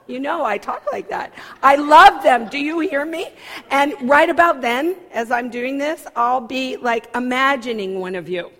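A woman church minister giving a personal sermon talk, expressive and self-mocking, swinging from soft asides to loud outbursts. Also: sits high, slow pace, long pauses. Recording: long hall reverb.

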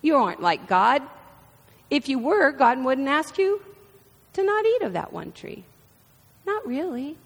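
A woman's voice: sits high, big pitch swings, unhurried, pauses often, heavily acted. A woman voicing a sly serpent, needling and insistent. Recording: reverberant hall.

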